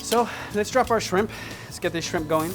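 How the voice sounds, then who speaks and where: This cooking show host has a high male voice and a moderate pace, keeping things upbeat as he talks to viewers while casually demonstrating a dish. Behind him are a sizzling pan and some music.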